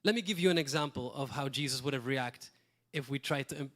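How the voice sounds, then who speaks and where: A man preaching a sermon as pastor, talking in a lively, rambling way and acting out quotes now and then. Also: medium pitch, fast. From Malta.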